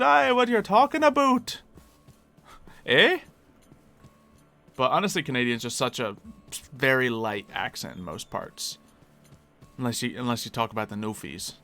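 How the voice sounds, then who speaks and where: A man's voice: mid-range voice, fairly bright tone. An American man streaming live, chatting casually and answering requests from his chat. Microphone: desk mic.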